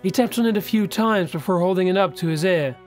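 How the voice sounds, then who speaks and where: A man narrating a horror story in a steady, serious storytelling voice. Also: high voice, fast. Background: faint background music.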